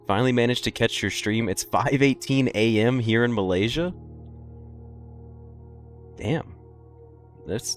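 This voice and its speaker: A tired young man streaming a game, chatting loosely with his viewers and yawning, rambling with many fillers. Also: lowish voice. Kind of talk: casual live-stream chat with viewers.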